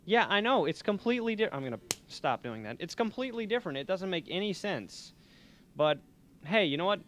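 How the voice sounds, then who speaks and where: A young man rambles through a college radio show, joking at his own expense as he goes. His voice sits a little high for a man. A faint hiss of background noise hangs under the studio mic. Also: sing-song, brisk, a bit bright. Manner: joking, rambling, self-mocking. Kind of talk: rambling comedic radio chat.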